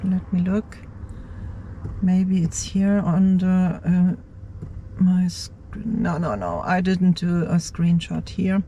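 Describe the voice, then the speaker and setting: A woman's voice: lowish voice, slow, noisy background. A woman vlogger in her car's driver's seat, thinking aloud as she works. She mutters to herself, hesitates and repeats words. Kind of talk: thinking aloud while working on a computer.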